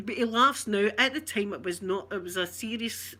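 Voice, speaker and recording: Scottish lady chatting on a home stream, bright tone, laughs a lot, does little voices in her stories. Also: mid-range voice, animated, moderate pace, few pauses, slightly rough. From Scotland. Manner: chatty storyteller, laughs often, mimics voices. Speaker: ASMR livestream host. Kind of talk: casual chat to live viewers. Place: home room.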